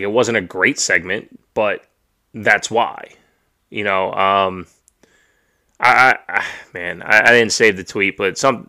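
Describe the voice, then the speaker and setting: A man's voice: fairly low pitch, bright, forceful tone. A man hosting a casual wrestling podcast, ranting bluntly and swearing freely as he gives his opinions. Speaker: podcast host. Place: home streaming setup.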